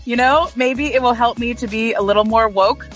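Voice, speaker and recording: A woman's voice: on the high side, normal speed, faint music behind, low-quality recording. Chatty woman calling in from her car. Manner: chatty, emphatic, many "like" fillers. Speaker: podcast panelist. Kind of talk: casual chat. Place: car on a freeway.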